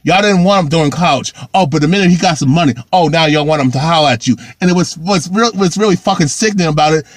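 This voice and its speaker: A man's voice: fairly high pitch, quick pace, few pauses, dry recording, studio quality. A man vlogging a heated, ranting monologue to camera, repeating himself and restarting phrases. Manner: heated, repetitive, circles back and restarts.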